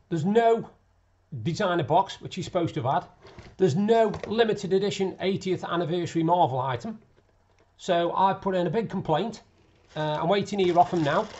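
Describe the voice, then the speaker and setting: A man's voice: high-pitched, darkish tone, husky, highs cut off. A man chatting casually in a vlog, complaining indignantly about his day. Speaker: vlogger.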